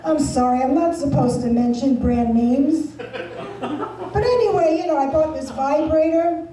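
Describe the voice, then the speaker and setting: A woman's voice: high voice, measured pace, warm tone. A woman doing a bawdy stand-up comedy set, bantering brashly with the audience at a live show. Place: resort event room, live show. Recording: echoey venue from far off, with audience.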